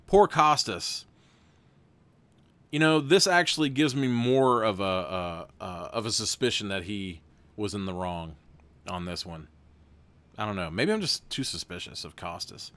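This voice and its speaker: A man's voice: on the low side, unhurried, fairly bright tone, no room sound. A man hosting a live stream, narrating a gamebook and breaking off into rambling, chatty asides with frequent restarts.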